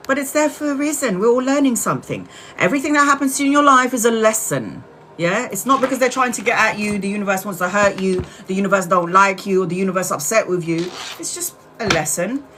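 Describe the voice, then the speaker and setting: Woman, tarot reader, casual live stream, bright voice, faint room ambience. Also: mid-range voice, slight background noise. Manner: casual, blunt, swears when frustrated.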